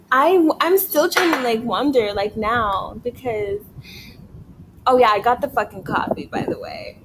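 A woman's voice: fairly high pitch, background noise. A young woman chatting casually in a late-night vlog, rambling and swearing, filling her talk with "like", tired but wired. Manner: rambling, profane, frequent "like" fillers. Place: her bedroom at home.

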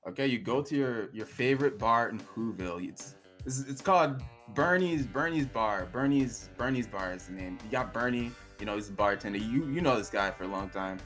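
A man's voice: lowish voice, fairly quick, hardly any pauses, fairly bright tone, faint music behind. Chatty male game master, loose and wordy. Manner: rambling, filler-heavy with frequent "like" and "right?". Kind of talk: narrating a tabletop role-play.

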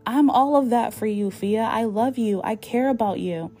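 Woman voicing a dismissive boyfriend, low and mellow. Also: moderate pace, faint music behind, natural voice. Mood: pleading. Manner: dismissive then pleading. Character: young adult man, dismissive, manipulative boyfriend.

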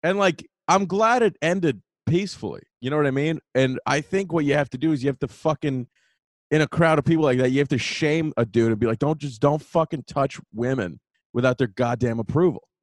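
A man's voice: a little high, fairly quick, no room sound. A man hosting a podcast, telling a story in a heated, profane casual rant. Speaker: podcast host. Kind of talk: casual ranting monologue. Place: New York.

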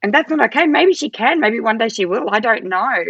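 A woman, a podcast guest, chatting casually and telling animated stories, jumping into a much higher voice when she quotes herself. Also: a little fast, slightly rough, no room sound, highs cut off. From Australia. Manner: animated storytelling, acts out her own quoted lines in a much higher voice. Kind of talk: casual interview chat.

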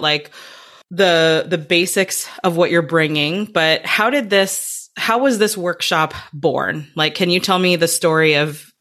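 Bright-voiced, enthusiastic woman podcast host. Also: on the low side. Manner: enthusiastic, laughs often, rambling questions. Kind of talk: casual interview chat.

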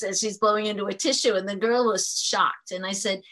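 A woman's voice: medium pitch, flat delivery, brisk, hardly any pauses, bright, forceful tone. A woman who works as a teacher, talking earnestly in an interview and explaining her points with frequent restarts. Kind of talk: conversational interview storytelling.

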